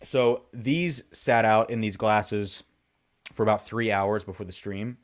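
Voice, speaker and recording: A young man with a somewhat low voice chats casually to his live audience. He rambles, thinks aloud and pokes fun at himself, with plenty of fillers along the way. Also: steady tone, measured pace. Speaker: whiskey livestream host. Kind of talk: casual live-stream chat.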